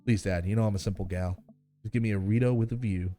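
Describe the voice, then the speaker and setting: A man voicing an excitable teenage daughter in a game, gushing and squealing as he reads on a live stream. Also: fairly low pitch, quick pace, faint music behind, lightly acted. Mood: eager.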